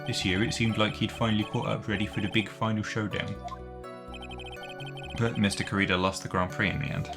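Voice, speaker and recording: A man voicing a blunt, gruff male police detective who keeps calling the judge sir. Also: on the low side, level tone, brisk, close to an everyday voice. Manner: blunt, loyal, says sir. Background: game music.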